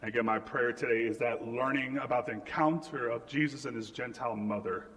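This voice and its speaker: A young man preaching a sermon in a church, telling family stories with lively acted-out quotes. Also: medium pitch, fairly quick. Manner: storytelling, animated quoting of family. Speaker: pastor. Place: church sanctuary. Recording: reverberant church hall.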